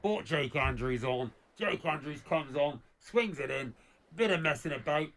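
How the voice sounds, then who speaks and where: A man's voice: on the high side, animated, normal speed, a bit bright. A man voicing a grumpy old male football fan, sarcastic and exasperated, swearing constantly in a comedy sketch. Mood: grumbling. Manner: sarcastic, exasperated, keeps saying "bloody hell".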